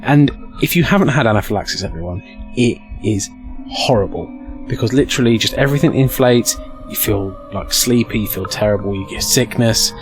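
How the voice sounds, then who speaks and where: A man's voice: mid-range voice, brisk, soft background music. A man telling a rambling, jokey personal story in a casual way. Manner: animated, rambling, jokey, swears.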